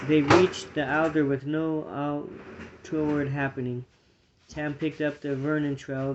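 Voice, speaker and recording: A man reading a storybook aloud to his children, with a steady, plain delivery and small slips. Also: on the high side, slow pace, highs cut off, slight background noise.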